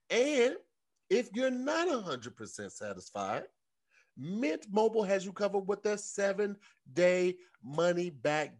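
A man co-hosting a podcast, talking loose and slangy. His voice sits a touch high. He riffs and repeats words for laughs, even during a sponsor read. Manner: animated, slangy, repeats words for comic effect. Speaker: podcast co-host. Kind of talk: casual chat and host-read ad.

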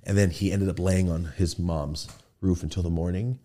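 A man hosting a podcast, telling a profane street story in a casual, animated way and acting out quotes and gun sounds in a studio. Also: low voice, moderate pace. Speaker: podcast host.

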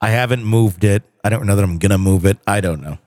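A man's voice: on the low side, fast talker, darkish tone, dry recording, studio quality. A man co-hosting a podcast, chatting casually and rambling through jokes. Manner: rambling, joking. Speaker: podcast co-host. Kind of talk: casual chat.

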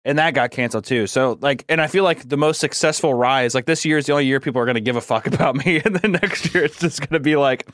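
A man's voice: mid-range voice, fast, few pauses, fairly bright tone, dry recording, studio quality. A man guesting on a podcast, telling rambling, self-conscious stories in casual chat.

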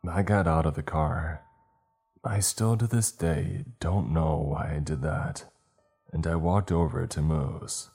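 Deep dark guy narrating a scary story slow and ominous, faint music under it. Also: steady tone, breathy edge. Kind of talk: scripted horror narration.

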